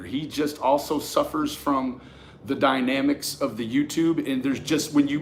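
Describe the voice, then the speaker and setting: Man, adult, YouTube commentator, blunt and profane, animated storytelling with frequent restarts, mid-range voice, faint noise behind. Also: mid-range voice. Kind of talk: casual storytelling to camera.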